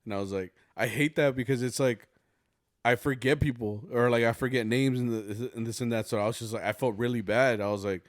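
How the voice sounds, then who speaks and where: A man's voice: medium pitch, fairly quick, dry recording, clean studio sound. A young man co-hosting a podcast, chatting casually in a rambling, slangy, self-mocking way. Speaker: podcast co-host. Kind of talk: casual chat.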